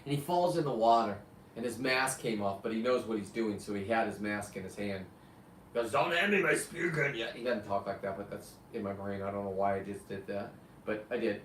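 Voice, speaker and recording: Slightly fast and steady in tone, this lowish male voice comes with a little hiss or hum. He's in his fifties, hosting a live stream where he chats in a blunt, rambling, profane way, picked up by a distant mic in a roomy space with faint ambience.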